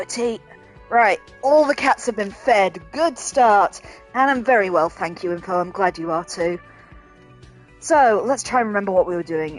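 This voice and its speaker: A woman's voice: medium pitch, rough recording. A woman hosting a let's play, chatting casually and swearing now and then. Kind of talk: casual gameplay commentary.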